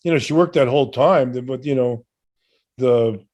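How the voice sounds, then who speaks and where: An older man talks at an ordinary middle pitch, easygoing and unscripted. He rambles and stalls, circling back with fillers and restarts as he works through an answer. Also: moderate pace, darkish tone. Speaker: podcast co-host answering fan questions. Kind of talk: casual chat.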